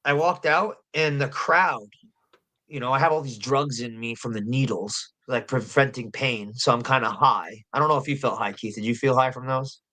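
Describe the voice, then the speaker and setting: A man's voice: medium pitch, normal speed, bright, forceful tone. A man, a professional fighter and podcast guest, telling a story in a rambling, profane, repetitive way. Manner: rambling, profane, repeats himself. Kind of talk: casual storytelling chat.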